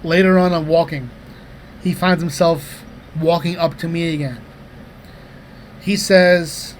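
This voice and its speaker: A man in his thirties co-hosting a comedy podcast, telling rambling, profane anecdotes in a casual, animated way. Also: a little high, slow, pauses often, a little hiss or hum. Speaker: podcast co-host.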